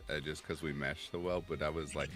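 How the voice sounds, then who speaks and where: A man hosting a casual livestream chat, animated, laughing often and reading out chat comments. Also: extremely low pitch, fairly quick, faint music behind. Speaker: stream host.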